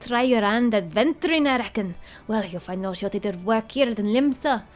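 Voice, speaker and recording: A woman reading aloud as a hearty middle-aged male tavern keeper, with only a brief try at a rough accent. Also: mid-range voice, fairly quick, darkish tone, close to an everyday voice.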